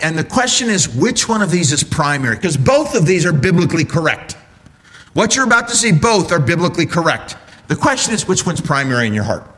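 A man delivers a sermon, posing rhetorical questions to the congregation and alternating between loud excitement and quiet, sincere tones.

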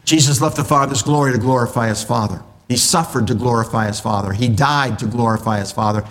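Animated man preaching a sermon. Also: fairly quick. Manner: animated, swings from loud mock-enthusiasm to low earnest tones; addresses congregation with rhetorical questions.

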